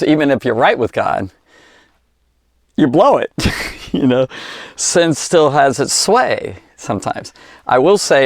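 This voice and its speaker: A man giving an informal Bible teaching, animated and chatty, often repeating words as he restarts. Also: medium pitch, dry recording, clean studio sound.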